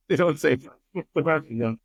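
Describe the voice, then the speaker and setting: A man's voice: fairly high pitch, slow, gravelly, no room sound. A man in his thirties, a podcast guest in casual chat, easygoing, with short agreeing replies.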